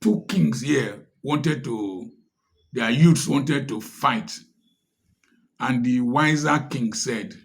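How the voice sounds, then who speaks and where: A man's voice: medium pitch, extremely slow, gravelly. A man with a Nigerian English accent giving impassioned commentary, firing off rhetorical questions in a preachy tone. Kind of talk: direct-to-camera social commentary.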